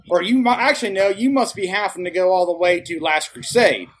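A man's voice: sits high, breathy edge. A man co-hosting a casual podcast, laughing often and teasing the others. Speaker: podcast co-host.

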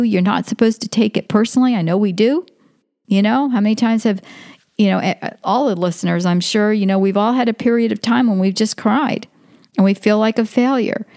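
A woman's voice: mid-range voice, moderate pace, darkish tone, dry recording, clean studio sound. A middle-aged woman, a homeschooling mother of five, giving earnest, faith-based parenting advice in a casual talk, working through numbered tips. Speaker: parenting guest.

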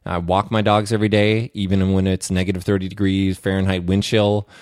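Man, podcast host, confessional solo talk, candid and self-reflective, lots of "uh" fillers, lowish voice, dry close sound. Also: little pitch movement, a little fast, a little mellow, no echo.

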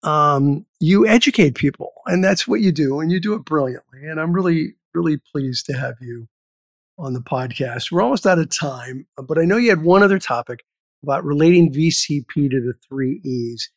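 A man's voice: a little high, expressive, moderate pace, dry recording, clean studio sound. A man hosting a podcast interview, encouraging his guest with some hesitant fillers. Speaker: podcast host. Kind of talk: interview, conversational.

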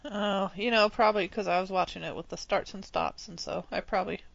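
A woman's voice: medium pitch, steady tone, fairly quick, creaky, dry recording, muffled recording. A woman co-hosting a podcast, chatting casually and giggling often with short reactions. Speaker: podcast co-host. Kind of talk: casual chat.

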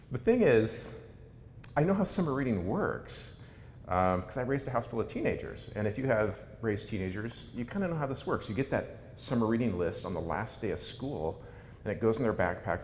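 A middle-aged man, an author, giving a humorous talk in a wry, self-mocking way. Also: darkish tone. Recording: echoey hall with faint rumble.

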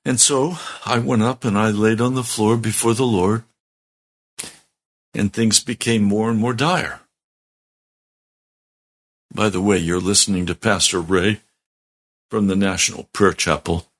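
Slow, low-voiced pastor giving testimony. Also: male voice, fairly even intonation. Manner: slow, earnest storytelling with heartfelt emphasis. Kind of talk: sermon testimony.

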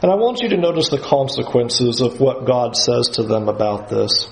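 A man's voice: mid-range voice, sing-song, normal speed, creaky, roomy sound, poor audio. A man giving a Bible lesson in an emphatic way, often acting out the voices he quotes. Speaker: Bible teacher.

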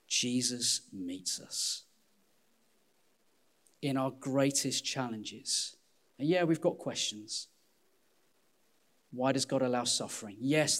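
A man preaching a sermon as pastor, candid and self-deprecating, with an animated delivery. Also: mid-range voice.

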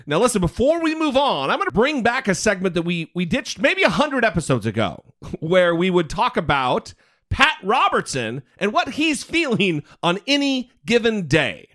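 A man's voice: high-pitched, moderate pace. A man co-hosting a casual podcast, joking and swearing freely. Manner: profane, joking, animated. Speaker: podcast co-host.

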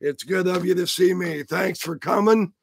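A hoarse man with a rough, raspy voice hosting a casual live stream, joking around and greeting his viewers by name. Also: high-pitched, normal speed, dry recording, studio quality. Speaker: livestream host.

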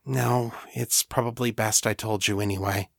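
A man's voice: lowish voice, steady tone, moderate pace, gravelly, a bit bright, no room sound, clean studio sound. A man voicing a wry, guarded young androgyne woman in an audiobook, lifting his voice as he reads her. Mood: earnest. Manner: teasing, raised voice.

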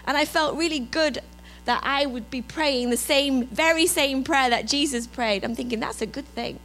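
High-voiced Englishwoman preaching softly. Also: moderate pace, low-quality recording. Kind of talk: sermon.

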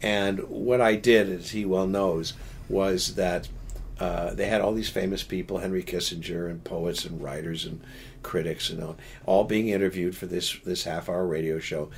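An older man, a podcast guest, telling stories in a halting, rambling way with many restarts and laughing asides. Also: low voice, steady tone, gravelly, slight background noise. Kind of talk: casual storytelling.

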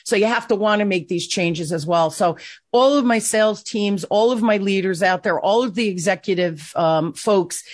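A woman's voice: mid-range voice, no room sound, studio quality. A woman hosting a podcast interview in a chatty, enthusiastic way, often restarting her sentences. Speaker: podcast host. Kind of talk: casual interview chat.

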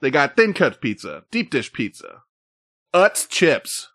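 A man's voice: fairly high pitch, big pitch swings, slow, a bit bright, dry recording, clean studio sound. A man hosting a casual live stream, talking in a loose, rambling, profane way. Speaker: host.

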